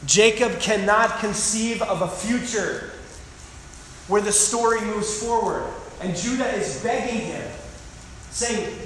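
Male pastor with a high voice, dramatic sermon reading, echoey church hall. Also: a little slow, a bit bright, a little hiss or hum. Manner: dramatic scripture reading with emphatic asides. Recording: echoey hall with long reverb.

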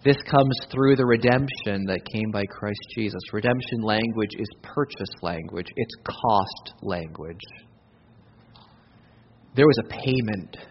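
A male pastor, preaching an animated sermon that moves between loud emphasis and hushed intensity. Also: on the low side, a little slow, slight background noise. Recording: dull audio with long hall reverb.

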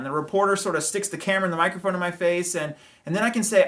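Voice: mid-range voice, quick pace, few pauses, fairly bright tone. A pastor preaching a sermon in a conversational way, with hedges, rhetorical questions and light chuckles.

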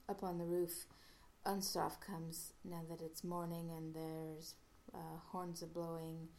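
A woman casually retelling an episode's plot as a podcast host, halting often with fillers and restarts. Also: fairly low pitch, fairly even intonation, warm tone.

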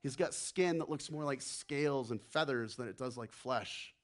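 A man preaches as pastor in a mid-range voice at a moderate pace, animated throughout. He dramatizes the voices he quotes and sinks to a hush to underline points.

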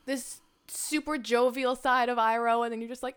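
A woman's voice: fairly high pitch, normal speed, clear, resonant tone. A woman co-hosting a podcast, retelling an episode in casual chat, emotional and full of fillers. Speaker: podcast co-host.

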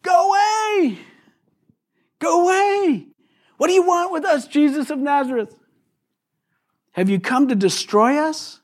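A man voicing a demon that possesses a man, shouting loudly in a strained, high voice. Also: measured pace, pauses often. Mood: frantic. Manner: loud, high-pitched shouting.

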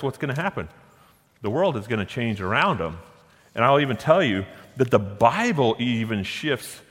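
A man's voice: mid-range voice, a bit bright. A male pastor delivers a sermon in an ordinary mid-range voice, asking the congregation rhetorical questions and drawing out key scripture words. His voice rings with the long reverb of a large hall. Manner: preaching with rhetorical questions, slowing down to stress verses.

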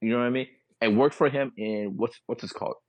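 A man's voice: medium pitch, fast talker, a little mellow, no echo. A man co-hosting a podcast in casual chat, talkative and often asking "you know what I mean.". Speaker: podcast co-host.

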